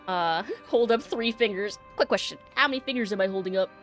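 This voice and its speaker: A woman's voice: mid-range voice, brisk, hardly any pauses. A playful woman chatting casually while streaming a game. She laughs easily, with faint music playing behind her voice. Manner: playful, giggly.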